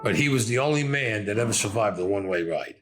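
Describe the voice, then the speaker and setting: A man's voice: lowish voice, expressive, quick pace, a bit bright, faint music behind. An older man with a Brooklyn accent, bluntly telling stories from his youth in an interview, full of swearing. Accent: Brooklyn New York. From Brooklyn, New York. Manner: blunt, gruff, swears often. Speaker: interviewee recounting his past. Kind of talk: profane storytelling interview.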